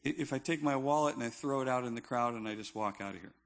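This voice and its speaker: A man's voice: medium pitch, fast, gravelly. A male pastor preaching a sermon in a conversational, emphatic style with touches of humor.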